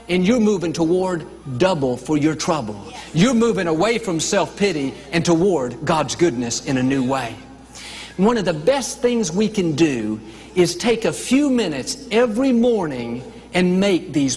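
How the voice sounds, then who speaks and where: A man with a fairly high voice preaches a motivational sermon, stacking phrase on phrase with firm emphasis. He drops in playful asides along the way. His voice rings with the long reverb of a large hall. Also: sing-song, unhurried. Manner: emphatic, builds lists of declarations with rising and falling emphasis; playful asides with light chuckles.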